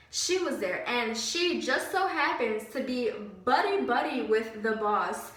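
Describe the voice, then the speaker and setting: A young woman vlogger telling a story about a bad job in a casual, animated and indignant way, with lots of "like". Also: fairly high pitch. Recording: very echoey room, slightly distant mic.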